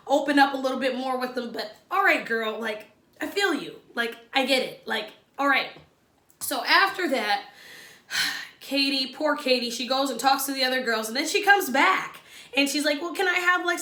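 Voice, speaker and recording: Bright, sassy woman recapping a show. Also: a little high, roomy sound. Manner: chatty and sassy, talks straight to viewers. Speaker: reality show recap vlogger. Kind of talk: casual opinionated recap.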